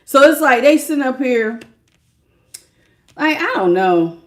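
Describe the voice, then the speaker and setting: A woman's voice: high voice, expressive, measured pace. A woman doing a casual live-stream tarot reading, chatty, greeting viewers by name and laughing often. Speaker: tarot reader.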